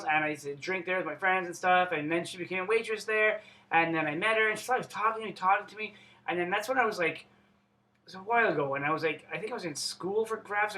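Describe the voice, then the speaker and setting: In a casual monologue, a man tells a personal story in a rambling, profane way, repeatedly breaking off and starting over. His voice is high with a sharp tone, and the audio quality is poor.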